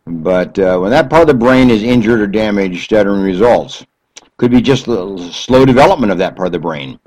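Man, husky voice, lively rising and falling pitch, slow deliberate explanatory talk, stretched emphasis. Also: low-quality recording. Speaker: speaker explaining stuttering.

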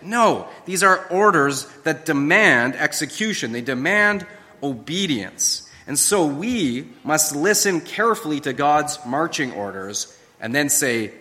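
A man preaching a sermon in a slightly high, bright and forceful voice, pressing his points with rising and falling emphasis. His voice carries a long reverb from a church hall. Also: very animated, unhurried. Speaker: pastor.

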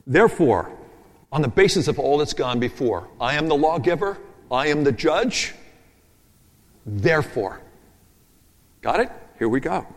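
A man's voice: a little high, expressive, unhurried, pauses often. A man preaching a sermon, emphatic and rhythmic, repeating key phrases and thinking aloud over his notes. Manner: talks through his notes aloud, with asides. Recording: long reverb of a large hall.

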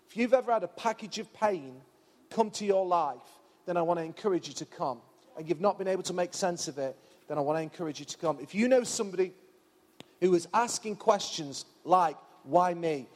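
A man with an English accent making church announcements, halting with many fillers. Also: a little high, a little mellow. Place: church hall. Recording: reverberant church hall.

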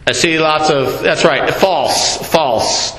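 Preacher, male, slightly high voice, storytelling sermon, echoey church hall. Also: bright, forceful tone, a little hiss or hum. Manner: storytelling, slow deliberate delivery, playful asides to congregation. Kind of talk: sermon with audience interaction.

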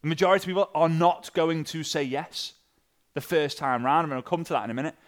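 A man coaching an online audience on sales messaging, energetic and animated, acting out sample messages. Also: fast talker. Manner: energetic, with big jumps in pitch and loudness; acts out sample messages in different voices. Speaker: sales and network marketing coach.

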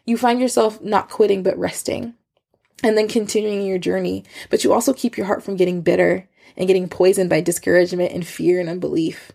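A woman's voice: on the low side, steady tone, brisk, creaky, mellow, slightly rough. A woman in her thirties hosting a podcast, giving earnest, conversational faith encouragement with casual fillers. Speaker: podcast host.

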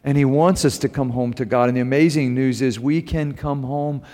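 A middle-aged man preaching a sermon, telling stories with animated rises and loud emphasis on key phrases. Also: medium pitch, moderate pace. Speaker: preacher and homiletics teacher. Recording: long hall reverb.

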